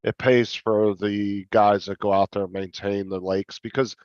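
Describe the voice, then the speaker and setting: A man with a lowish voice hosting a casual live stream chat. His speech is relaxed and easygoing. The mic sounds dry and a bit dull. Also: measured pace, dry recording. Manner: relaxed, chuckling, swears casually.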